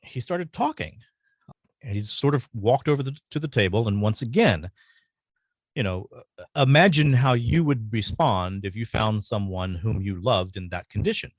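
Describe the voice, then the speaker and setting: A man telling a personal story as a podcast guest, earnest and halting, pausing often. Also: on the low side, lively intonation, no room sound, clean studio sound.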